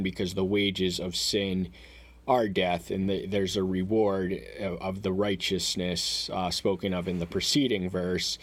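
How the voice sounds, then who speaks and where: A man giving verse-by-verse Bible commentary, talking in a halting way with many fillers and restarts, and reading each verse aloud in a raised voice. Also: low-pitched. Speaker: Bible teacher.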